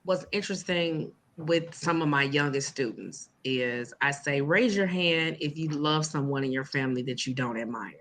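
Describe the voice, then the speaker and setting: Bright-voiced woman telling classroom stories. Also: deep voice, moderate pace, few pauses. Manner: earnest storytelling, acts out classroom exchanges. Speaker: educator and podcast guest. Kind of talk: casual chat.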